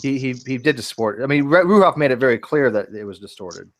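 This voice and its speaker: A man hosting a casual podcast conversation, his pitch swinging widely as he gets worked up. He talks in lively bursts, restarting sentences and swearing casually. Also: fast talker. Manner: animated, swearing, many restarts. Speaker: host.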